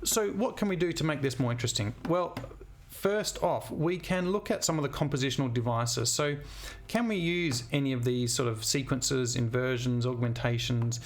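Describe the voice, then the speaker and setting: A man's voice: mid-range voice, moderate pace, hardly any pauses. A man, a music teacher talking through a composition demo while thinking aloud. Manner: thinking aloud, scatting melodies. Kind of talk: screen-recorded composition demo.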